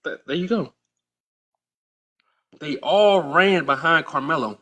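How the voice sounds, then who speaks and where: A man's voice: fairly high pitch, slow, fairly bright tone. Blunt, emphatic man giving commentary. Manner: emphatic, repeats phrases, slang-heavy. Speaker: commentator in a played clip.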